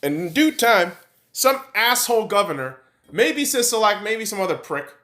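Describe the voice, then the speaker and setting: A man's voice: high voice, sing-song, normal speed, sharp tone. A man hosting a podcast, ranting in a heated, sarcastic, swear-filled monologue. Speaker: podcast host. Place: room in Nevada. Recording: echoey room.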